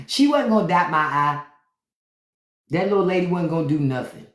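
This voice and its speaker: A deep-voiced woman tells stories to her live-stream audience in a loose, profane monologue, jumping into other people's voices as she goes. Her pitch climbs and drops all over the place. The sound carries a roomy echo. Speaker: podcast host on a live stream. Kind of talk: unfiltered comedic storytelling monologue.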